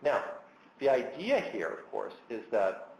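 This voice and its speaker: A man giving an educational lecture as a psychologist, talking in an animated way and acting out angry remarks to make his points. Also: mid-range voice, a little slow, creaky, echoey room, lo-fi sound, a little hiss or hum. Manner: animated, acts out angry quotes.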